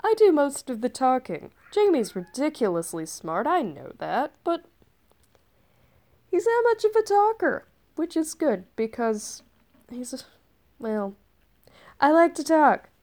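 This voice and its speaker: A woman's voice: high voice, sing-song, unhurried, a little mellow. Chatty woman spinning a rambling story. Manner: chatty and rambling, with sarcastic asides. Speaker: time-traveler storyteller. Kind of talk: casual in-character storytelling.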